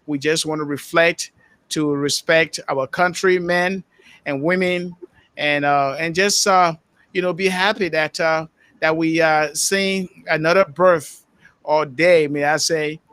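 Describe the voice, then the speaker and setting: Upbeat Liberian-accented podcast host, clear resonant voice, fairly high. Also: male voice, steady tone, unhurried, a bit bright, dry recording. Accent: Liberian English. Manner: upbeat, with many uh fillers. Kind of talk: live podcast sign-off.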